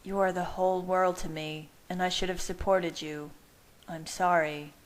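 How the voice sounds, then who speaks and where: A woman's voice: fairly low pitch, little pitch movement, moderate pace, lightly acted. A woman voicing a remorseful young husband. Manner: hushed, choked, apologetic.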